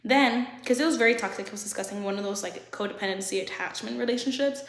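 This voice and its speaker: A young woman telling a candid, profane storytime about a past relationship, talking fast and getting emotional as a vlogger. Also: a little high, fairly bright tone. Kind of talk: storytime vlog. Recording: echoey room.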